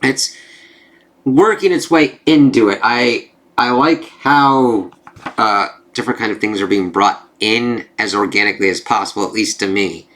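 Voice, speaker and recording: A man's voice: on the low side, normal speed, fairly bright tone. A man reviewing a comic book in a casual, rambling way, swearing often and reading panels aloud.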